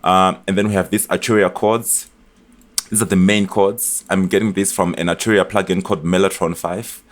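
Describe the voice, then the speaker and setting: Low-voiced man walking through a beat. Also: moderate pace. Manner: relaxed and chatty, with frequent fillers and restarts. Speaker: music producer demonstrating a beat remake. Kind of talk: casual tutorial walkthrough. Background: beat elements playing from the project.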